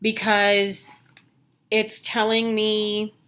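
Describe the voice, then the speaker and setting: A woman's voice: mid-range voice, monotone, extremely slow, fairly bright tone, smooth. A woman in her thirties, talking casually to the camera in a candid, chatty way with jokey asides, sounding worn out. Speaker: vlogger sharing her health news.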